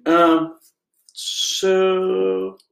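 A man talks casually as a podcast co-host, rambling along with plenty of ums. His voice has a gravelly edge. The room around him is echoey. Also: high voice, very slow. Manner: relaxed, rambling, with frequent ums. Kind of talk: casual chat reviewing a TV episode.

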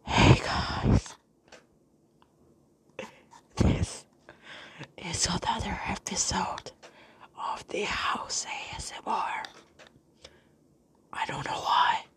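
Slow close-mic whispering young man. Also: high-pitched, steady tone, fairly bright tone. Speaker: podcast host. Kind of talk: whispered ASMR monologue. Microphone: earphone mic held very close.

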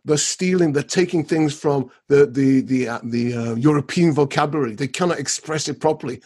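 Brief: male co-host, raspy upper-mid voice, emphatic delivery. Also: a little high, brisk, a little mellow. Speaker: artist and podcast co-host. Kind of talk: podcast discussion.

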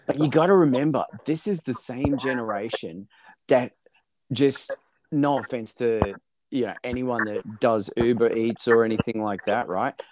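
A man's voice: medium pitch, moderate pace, a loud crowd, low-quality recording. Laid-back man in podcast chat. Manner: laid-back, swearing, says dude a lot. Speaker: podcast co-host. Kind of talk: casual chat.

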